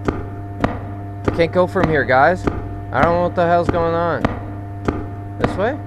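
A man giving casual commentary while playing a horror game, swearing a lot and getting jumpy and loud when something startles him. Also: fairly high pitch, slow pace, low-quality recording. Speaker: gamer and channel host. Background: game music.

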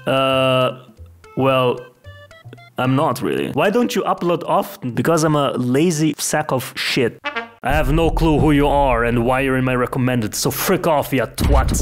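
A man's voice: medium pitch, unhurried, soft background music. A young man from Austria, answering fan questions in a brash, cocky, profane and joking way. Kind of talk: casual Q&A vlog.

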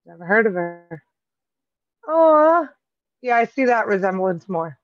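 A woman with a raspy, gravelly, smoky voice and a Long Island accent, co-hosting a casual chat and laughing often. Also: medium pitch, brisk, no room sound, muffled recording. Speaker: podcast co-host.

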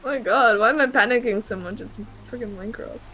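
A woman's voice: on the high side, fast talker, sharp tone, soft background music. A woman chatting while gaming, panicky, giggly and rambling. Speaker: gaming guest. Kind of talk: casual gaming chat.

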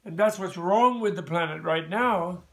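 An older American man talks through his teaching in a loose, rambling way, often restarting a thought and breaking into a chuckle. His voice is fairly high for a man, with a gravelly edge. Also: normal speed, a bit bright. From United States. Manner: rambling, chuckling, with frequent restarts and "you know". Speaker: podcast host and Buddhist teacher. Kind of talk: casual spoken teaching.

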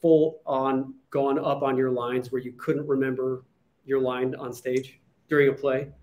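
A male interview host asking questions in a playful, quick way, with laughing asides. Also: medium pitch, level tone, darkish tone. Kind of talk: casual interview chat.

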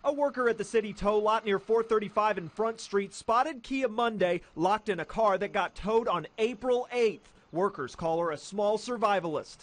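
A man's voice: sits high, normal speed, few pauses. A man doing a live field report for local TV news, in a conversational reporter tone. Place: outdoors at an animal shelter.

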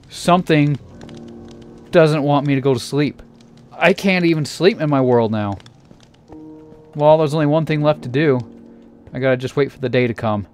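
A man narrating a scary game playthrough in a theatrical way, dropping to a hush and then shouting in panic. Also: mid-range voice. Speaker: let's player. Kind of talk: acted creepypasta gameplay narration.

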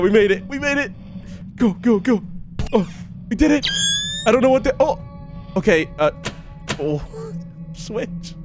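A young man giving excitable, laughing commentary while playing a horror video game. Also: high-pitched. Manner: excitable, laughing, talks to himself and the viewers. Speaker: gaming YouTuber.

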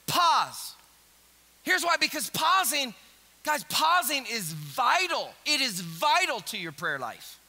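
A man preaching a sermon as pastor, dropping to a hushed near-whisper and rising to loud, urgent exhortation, in a church. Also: very high voice, sing-song, a little slow, rough recording. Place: church sanctuary.

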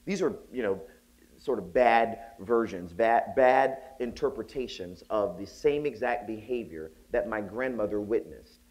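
A man from the Southern United States giving a conference keynote, telling stories in an animated, joking way with acted voices. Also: fairly low pitch, a little slow. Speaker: keynote speaker. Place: conference hall.

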